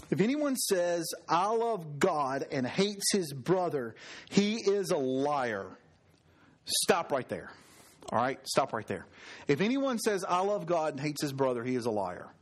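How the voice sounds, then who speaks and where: A man delivers a sermon from the pulpit. His voice sits fairly high, and he talks in a chatty storytelling way. He lets his pitch drop low at the close of his phrases. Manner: conversational storytelling preaching, drops pitch at ends. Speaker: pastor.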